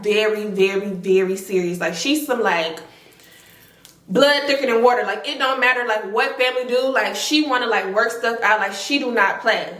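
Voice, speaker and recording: Brief: woman vlogger, animated and slangy, higher voice, echoey room. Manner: animated, slangy, full of "like" fillers and exaggeration. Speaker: storytime vlogger. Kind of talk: casual storytelling.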